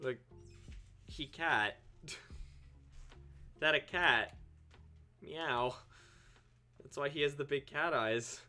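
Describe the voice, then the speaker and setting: A man talking casually on a live stream, reading out and answering chat with playful asides. His voice sits a little high for a man and has a bright, forceful edge, and soft music plays faintly behind him. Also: slow, long pauses. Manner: chatty, reads and answers chat, frequent laughs and asides.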